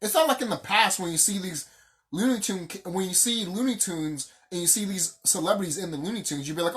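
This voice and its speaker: Profane vlogger ranting with swinging pitch. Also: animated, brisk, fairly bright tone. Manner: profane, heated and emphatic, repeats phrases for stress. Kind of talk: casual unscripted rant.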